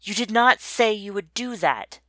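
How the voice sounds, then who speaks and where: A narrator voicing an indignant, protective stranger who speaks in loud, accusing outbursts. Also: medium pitch, steady tone, normal speed, slightly rough, no echo.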